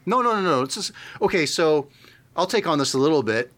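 A man's voice: on the high side, animated, brisk, a bit bright. A man co-hosting a podcast, explaining things in casual chat and laughing easily. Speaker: podcast co-host.

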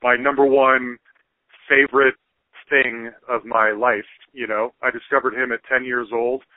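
A man's voice: medium pitch, level tone, no room sound. A male podcast host chatting casually, often chiming in with short agreements. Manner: supportive, quick agreeing interjections. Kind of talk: casual chat. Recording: tinny phone line.

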